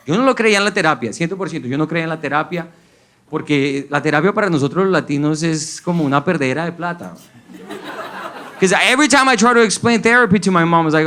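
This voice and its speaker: A man's voice: a little high, animated, fast talker, a bit bright. A man from Colombia with a Colombian accent, doing a stand-up comedy set and mixing English and Spanish while acting out his family's voices. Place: comedy stage before a live audience. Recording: live stage set with audible crowd noise. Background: audience laughter.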